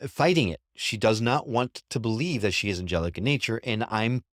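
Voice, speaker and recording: A man hosting a podcast, talking in a friendly, halting way and stumbling over his words. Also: lowish voice, expressive, no room sound, clean studio sound. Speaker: podcast host. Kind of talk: casual chat.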